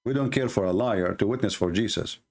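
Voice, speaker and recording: A male live debate show host with an Arabic accent, Arabic being his native language, argues his points emphatically. He repeats phrases and slows down for stress; his voice is on the low side, creaky, with a darkish tone.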